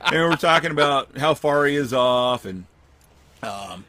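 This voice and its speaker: A man hosting a podcast, telling a long outdoor story in a rambling, animated way and acting out what people said. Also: medium pitch, measured pace, very noisy. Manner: rambling, animated, acts out quotes. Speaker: podcast host. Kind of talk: casual storytelling.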